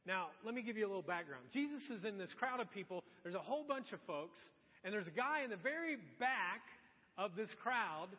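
A man with a high voice preaches a sermon in a relaxed, conversational way. He poses rhetorical questions and briefly acts out the voices of the people in his examples. The recording is dull and muffled, with a long hall reverb around him. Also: brisk, breathy edge. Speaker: pastor. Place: church.

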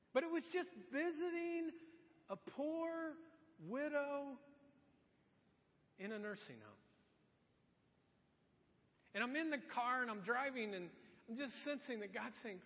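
High-voiced pastor preaching in a hall. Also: male voice. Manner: storytelling, conversational and earnest. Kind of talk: sermon. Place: church sanctuary. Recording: dull sound in a large reverberant hall.

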